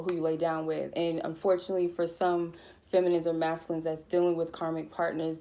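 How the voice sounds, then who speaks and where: A woman tarot reader giving a blunt, profane, laid-back spiritual reading in a mellow, chill way. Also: low-pitched, gravelly. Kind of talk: casual spiritual reading monologue.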